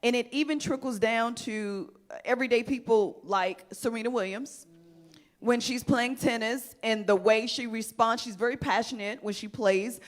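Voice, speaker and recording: A woman's voice: on the high side, normal speed. A woman hosting a panel talk show, speaking emphatically and addressing the panel directly.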